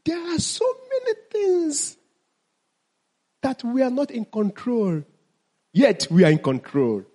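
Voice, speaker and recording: A man's voice: very high-pitched, very animated, slow pace, warm tone. A man teaching mindfulness to an audience, asking them questions and then answering them himself.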